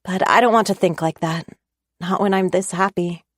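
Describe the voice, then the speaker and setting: A woman's voice: fairly low pitch, moderate pace, no room sound. A woman narrating a first-person romance audiobook in an intimate, conversational way on a close studio mic.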